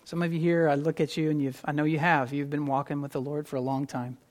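A pastor preaches a sermon to a congregation, swinging between loud stressed phrases and quiet asides and often repeating words when he restarts a thought. His voice is mid-range with little pitch movement, and he speaks at a quick pace.

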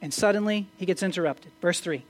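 A pastor giving a conversational Sunday-morning sermon in church, often asking rhetorical questions and stumbling into quick restarts. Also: medium pitch. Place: church service.

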